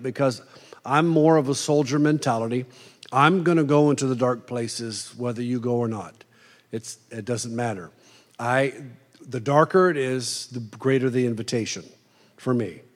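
A middle-aged man preaching a conversational sermon, animated and playing out quoted voices in asides. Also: on the high side. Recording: long reverb of a large hall.

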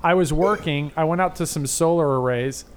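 Man, from Boston area, podcast co-host, casual chat, rambling, self-interrupting, slightly high voice, faint background hum. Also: moderate pace. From Boston area, USA.

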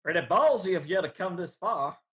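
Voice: medium pitch, lively intonation, fairly quick, fairly bright tone, slightly rough. A game master voicing a menacing old male farmer with a Southern drawl who rules a flock of turkeys, giving grandiose, scornful speeches. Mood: wary. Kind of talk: tabletop game role-play.

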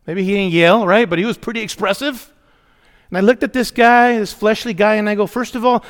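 A man's voice: high voice, expressive, brisk. A middle-aged male pastor preaching a sermon in a church, emphatic and often calling out to the congregation for a response. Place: church sanctuary. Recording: long hall reverb.

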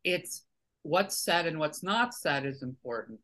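A man's voice: fairly high pitch, lively intonation, a little slow, sharp tone. A man as a podcast guest, arguing his points emphatically in casual conversation. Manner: emphatic, argumentative, lecturing.

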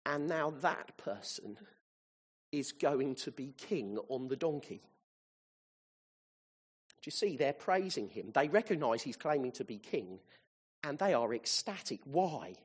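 A man preaching a sermon to his congregation, animated, with his voice rising to excited peaks. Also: mid-range voice, husky.

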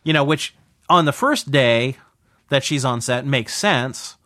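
A man co-hosting a podcast in casual, halting chat, repeating words as he goes. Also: medium pitch, animated, a bit bright, no room sound, clean studio sound. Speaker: podcast co-host.

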